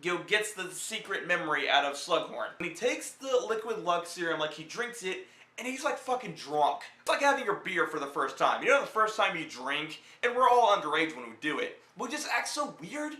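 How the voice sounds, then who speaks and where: Young male vlogger, high bright voice, rambling profane jokey review, roomy echo. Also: very animated, brisk. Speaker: film reviewer. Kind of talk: casual film review.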